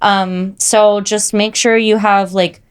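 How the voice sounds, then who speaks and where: A woman's voice: medium pitch, slow pace, smooth. Chatty young woman venting animatedly. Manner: animated storytelling, frequent "like" and "oh my God". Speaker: podcast co-host. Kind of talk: casual chat.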